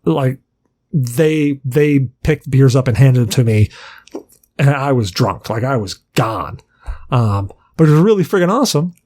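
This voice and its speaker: A man's voice: medium pitch, animated, a little slow, a little mellow. A man co-hosting a podcast who tells a long story in a rambling, swearing way and acts out what people said. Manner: rambling, profane, acts out quotes. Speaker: podcast co-host. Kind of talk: casual storytelling chat.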